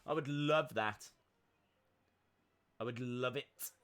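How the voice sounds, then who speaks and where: Chatty bright-voiced man reacting live. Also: medium pitch, slow. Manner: chatty, upbeat, many fillers, reads out chat. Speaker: live-stream reaction host. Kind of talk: casual live wrestling watch-along commentary.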